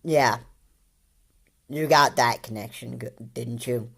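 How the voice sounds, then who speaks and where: A woman's voice: extremely low pitch, slow, vocal fry, fairly bright tone, slightly rough. A woman giving casual commentary over video clips, rambling and repeating her points with many fillers.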